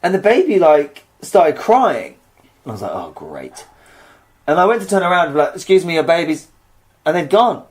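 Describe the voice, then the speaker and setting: A man's voice: sits high, sing-song, brisk. A young man co-hosting a podcast, rambling through a story with casual chat. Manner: rambling storytelling with fillers and restarts. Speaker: podcast co-host.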